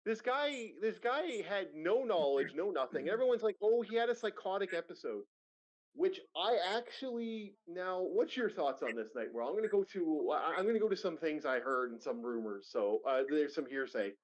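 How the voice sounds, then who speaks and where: A male streamer co-host with a high, lively voice casually retells a wild news story on a livestream at normal speed. He swears, rambles into asides and laughs along the way, and the stream audio is lo-fi and muffled.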